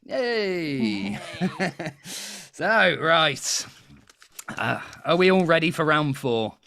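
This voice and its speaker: A man's voice: a little high, expressive, slow pace, gravelly, sharp tone. A British man hosting a live quiz show, chatty and self-deprecating, often laughing as he talks.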